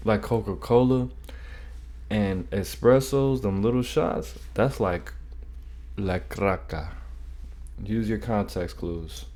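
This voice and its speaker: A man's voice: fairly low pitch, slow, pauses often, a little mellow. A man hosting a reaction video, making loose, profane, joking asides between clips. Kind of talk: casual reaction commentary.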